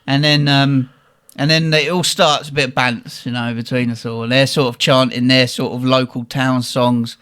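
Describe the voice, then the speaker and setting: A young man, co-hosting a podcast and telling a lively, profane story about a night out. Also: medium pitch, moderate pace, few pauses, smooth. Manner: animated, swears freely, quotes people in the story. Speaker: podcast co-host. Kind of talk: casual storytelling.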